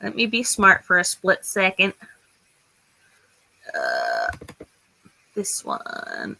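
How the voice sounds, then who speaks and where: Woman streamer, unhurried and bright, easygoing chat with viewers. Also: lowish voice, wildly swooping pitch, vocal fry, low-quality recording. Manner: chatty, thinks aloud, reads writing aloud. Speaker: livestream host of writing sprints. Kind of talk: casual livestream chat.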